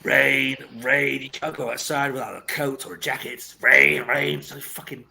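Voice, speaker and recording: A man with a northwest English accent, swearing and rambling loudly in casual chat on a video call. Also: medium pitch, steady tone, normal speed, vocal fry. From northwest England. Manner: sweary, rambling, boisterous ranting.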